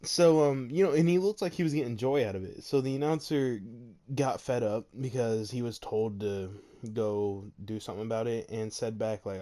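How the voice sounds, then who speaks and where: A man's voice: mid-range voice, moderate pace, few pauses, dark tone. A man in his bedroom retelling a fan story in a rambling, filler-heavy way, laughing often.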